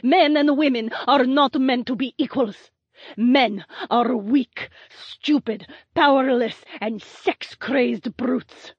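A woman voicing a scornful captive woman who despises men, speaking slowly with contempt. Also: sits high, breathy edge, dry recording, full character voice. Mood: contemptuous. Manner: slow, contemptuous. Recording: dull lo-fi sound.

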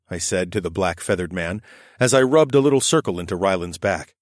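A man's voice: sits low, lively intonation, fairly quick, dry recording, studio quality. A man narrating a story expressively in a scripted audiobook reading.

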